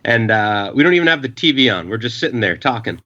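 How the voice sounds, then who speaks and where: Rambling, profane male storyteller, bright tone, muffled lo-fi recording. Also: medium pitch, lively intonation, fast talker. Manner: rambling, profane, many filler uhs, acts out quotes. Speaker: podcast guest. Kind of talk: casual storytelling.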